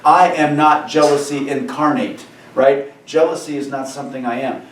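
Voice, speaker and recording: A male Spanish teacher giving a lesson, animated and joking, who keeps repeating key phrases and checking with "right?". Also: on the high side, moderate pace, roomy sound, recorded from a distance, slight background noise, poor audio. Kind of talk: classroom lesson over a video call. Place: classroom or room with a board.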